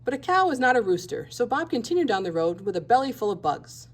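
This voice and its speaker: A woman reading a picture book aloud with a very lively, sing-song delivery. Her voice has a husky, breathy edge. She plays up the animal noises as she goes. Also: fairly high pitch, fast. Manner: expressive, voices animal sounds. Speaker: storybook reader.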